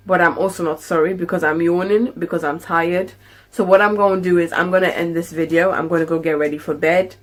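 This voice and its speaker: Young woman, slightly low voice, chatty haul vlogger who rambles. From United Kingdom. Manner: chatty, rambling, lots of fillers. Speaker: lifestyle vlogger. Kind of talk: casual grocery haul chat. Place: at home.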